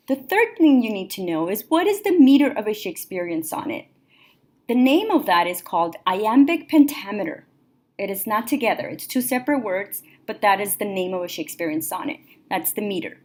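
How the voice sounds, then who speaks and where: A woman teacher recording a classroom lecture, explaining step by step in a clear, methodical way. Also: a little high.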